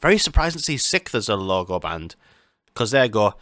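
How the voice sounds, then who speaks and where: A man's voice: lowish voice, very animated, brisk, a bit bright, dry recording. A man hosting his own podcast, talking in a rambling, casual way with lots of swearing, fillers and restarts. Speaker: podcast host. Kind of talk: casual solo chat.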